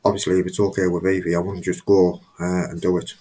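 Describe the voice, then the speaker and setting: A man's voice: low-pitched, little pitch movement, fast, dark tone, a little hiss or hum. A man hosting a live stream, talking casually in a rambling, emphatic way and often repeating himself.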